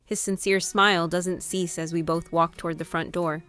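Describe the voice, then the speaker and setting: A woman reads her own novel aloud as an audiobook, in an expressive first-person voice. Her tone sits somewhat low, with faint guitar music underneath. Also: moderate pace, clear, resonant tone. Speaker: author and narrator. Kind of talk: audiobook narration.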